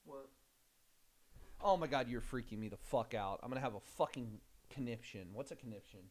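A young man streaming a game, chatting casually, swearing often and rambling excitedly. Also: medium pitch, fairly quick. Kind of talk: casual livestream chat.

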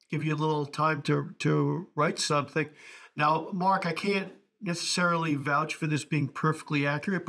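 A man's voice: a little high, fairly bright tone. A man moderating a question session on a video call, in an easygoing, casual way. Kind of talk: casual hosting.

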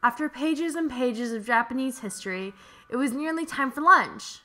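A young woman hosting a let's play, reading a visual novel aloud in an animated, playful way with jokes and swearing. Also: high voice, moderate pace.

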